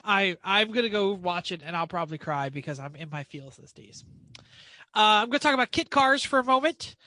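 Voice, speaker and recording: Podcast co-host, wry jokes, bright tense tone, dry sound. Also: mid-range voice, expressive, fairly quick, dry recording. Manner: wry, joking. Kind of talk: casual chat.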